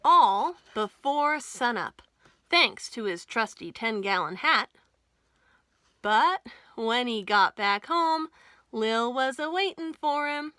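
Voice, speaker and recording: A woman librarian reading a Western picture book aloud at storytime, with expressive, folksy storytelling. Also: fairly high pitch, slow pace, no room sound. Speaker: children's librarian.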